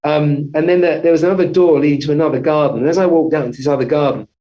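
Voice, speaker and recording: Rambling man, slightly high voice. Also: fairly even intonation, racing, dull audio. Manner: rambling, full of restarts and self-corrections. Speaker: family physician, podcast guest. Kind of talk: conversational storytelling interview.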